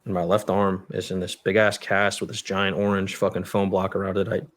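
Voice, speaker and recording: A young man telling a story as a podcast guest, blunt and full of swearing, in a halting way. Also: low-pitched, completely flat delivery. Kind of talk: storytelling in a conversational interview. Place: podcast studio.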